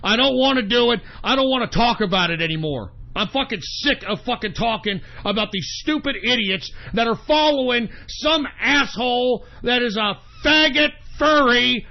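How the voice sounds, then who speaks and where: A man hosting an internet radio show, ranting angrily and profanely, often shouting, on a dull lo-fi recording. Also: extremely high pitch, normal speed, creaky, hardly any pauses. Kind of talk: angry talk-radio rant. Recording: dull lo-fi sound.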